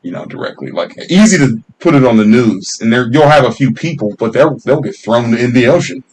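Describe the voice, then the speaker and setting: A man's voice: medium pitch, lively intonation, brisk, rough recording. A man co-hosting a podcast in casual chat, rambling and laughing as he talks and swearing freely. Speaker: podcast co-host.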